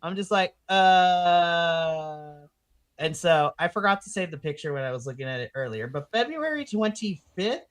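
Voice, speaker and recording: A woman co-hosting a podcast in casual chat, excitable and laughing often, with plenty of swearing. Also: sits low, brisk, hardly any pauses, dry recording. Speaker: podcast co-host.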